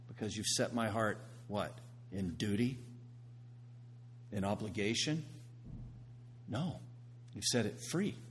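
A man preaching a sermon, swinging from hushed, quiet passages to loud, emphatic ones. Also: mid-range voice, a little hiss or hum. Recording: long reverb of a large hall.

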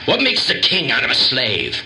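A man's voice: medium pitch, huge pitch swings, moderate pace, creaky, background noise. A man voicing a timid, blustering male lion who boasts in sing-song rhymes about courage. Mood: boastful.

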